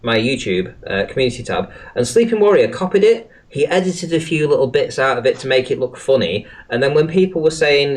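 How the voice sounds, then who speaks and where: A man's voice: mid-range voice, expressive, brisk, hardly any pauses. A man hosting a livestream in casual talk, exasperated and swearing a lot, restarting his sentences often while working at his computer. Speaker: livestream host.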